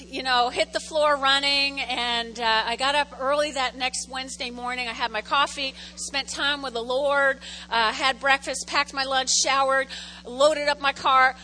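A woman's voice: sits high, bright, forceful tone, slight background noise, low-quality recording. A middle-aged woman pastor preaching a conversational sermon in a church, telling stories animatedly and repeating phrases for effect. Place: church sanctuary.

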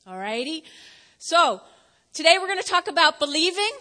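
A woman pastor preaching a lively sermon in a church, talking straight to the congregation and acting out the people in her story. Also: extremely high pitch, moderate pace, in a large hall. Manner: lively, talks straight to the congregation, acts out quotes. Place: church sanctuary.

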